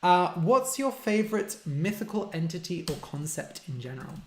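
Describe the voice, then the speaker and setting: A man's voice: high voice, big pitch swings, moderate pace. A man, a language teacher hosting a casual live-stream Q&A, reading out viewer questions and explaining simple words for learners. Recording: roomy echo.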